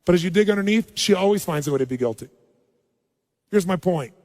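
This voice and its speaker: Man, motivational speaker, high-pitched voice, live seminar talk, long hall reverb. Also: lively intonation, brisk, darkish tone. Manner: storytelling, then urging the crowd. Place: large hall with audience.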